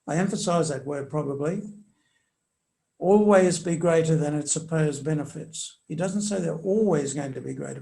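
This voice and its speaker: An older man answering interview questions in a measured, hesitant way with many fillers, reading quoted passages aloud with emphasis. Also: a little high, gravelly, mellow. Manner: reads quotations aloud with emphasis. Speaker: commentator on church social teaching.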